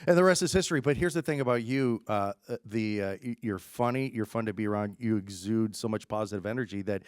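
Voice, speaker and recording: A male radio host interviewing a comedian, chatty and quick to laugh and jump in. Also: fairly low pitch, smooth, dry recording, studio quality.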